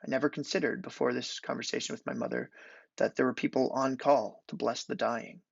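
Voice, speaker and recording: A young man gives a measured, deliberate reading of his literary prose, his voice gravelly with fry. The sound is close and dry, with a dull, lo-fi tone. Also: mid-range voice, fairly even intonation, no echo. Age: young adult. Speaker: student reading his thesis. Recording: dull lo-fi recording.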